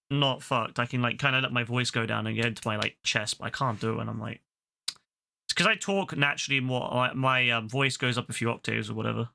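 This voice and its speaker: A young man with a gravelly, sharp, medium-pitched voice chats casually into a headset while streaming a game. He swears freely and leans on fillers as he commentates. A little background noise can be heard.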